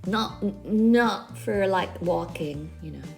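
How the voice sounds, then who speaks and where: A woman's voice: on the low side, slow pace, vocal fry, a little mellow. A woman in her fifties from Quebec with a Quebec French accent, chatting casually while leading a workout and switching between French and English. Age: 50s. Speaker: fitness instructor. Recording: echoey space with background music.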